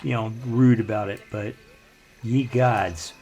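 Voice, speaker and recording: A man's voice: on the low side, fairly even intonation, takes it slowly, dark tone, a little hiss or hum. Grumbling older man. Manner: rambling, grumbling asides. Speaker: let's play host. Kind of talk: casual gameplay commentary.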